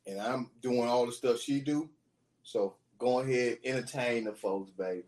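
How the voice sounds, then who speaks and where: A man's voice: medium pitch, normal speed, darkish tone, roomy sound. A man hosting a casual live-stream chat with playful hype-man banter. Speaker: host.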